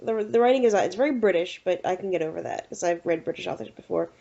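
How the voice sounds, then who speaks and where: A woman co-hosting a casual podcast, ranting with animated exasperation. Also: fairly low pitch, fast talker, creaky. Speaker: podcast co-host. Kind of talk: casual chat. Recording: dull lo-fi recording.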